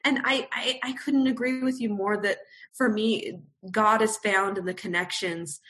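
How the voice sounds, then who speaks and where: A woman's voice: mid-range voice, fairly even intonation, measured pace, a bit bright. A woman interviewing a guest on a podcast, effusive and affirming in her praise. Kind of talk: warm supportive interview.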